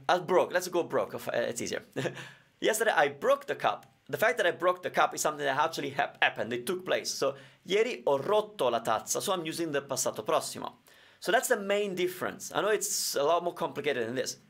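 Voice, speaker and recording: A man's voice: a little high, a bit bright. A man with Italian as his first language, teaching grammar in a live-streamed question and answer lesson, explaining with everyday examples.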